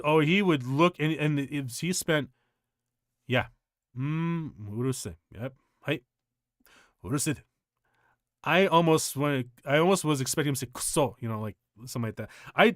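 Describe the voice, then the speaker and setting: Dry-voiced man telling a story haltingly. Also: on the high side, fairly bright tone, no room sound. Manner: rambling, halting, with many restarts. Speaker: streamer. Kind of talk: casual storytelling chat.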